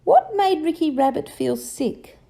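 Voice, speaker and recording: A woman's voice: sits high, animated, measured pace, gravelly, warm tone. A woman reviewing a story with young children, asking questions and encouraging their answers. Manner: encouraging, sing-song tag questions. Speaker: children's teacher.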